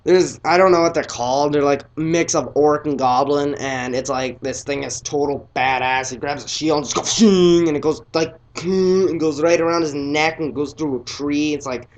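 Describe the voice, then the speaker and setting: A teenage boy casually reviewing a film, excitable and rambling, his voice often trailing off quietly. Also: a little high, moderate pace, hardly any pauses.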